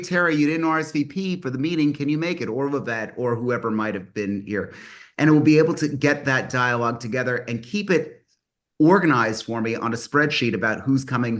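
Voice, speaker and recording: A man's voice: medium pitch, a bit bright. Rambling middle-aged man on a video call. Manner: rambling, self-correcting, enthusiastic. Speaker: mastermind group host. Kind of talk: casual online meeting talk.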